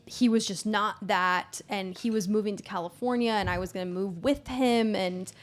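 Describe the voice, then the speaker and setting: Animated, laugh-prone woman chatting. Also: mid-range voice, normal speed. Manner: animated, laughs often, trails off mid-thought; swears casually. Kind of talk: casual podcast chat.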